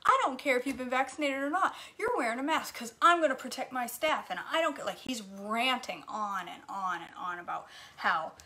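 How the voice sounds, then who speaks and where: A woman's voice: on the high side, expressive, brisk, bright, forceful tone. A middle-aged woman chatting casually in her home kitchen as she cooks, telling stories and laughing often. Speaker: cooking vlogger. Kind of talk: casual chat while cooking, reading comments.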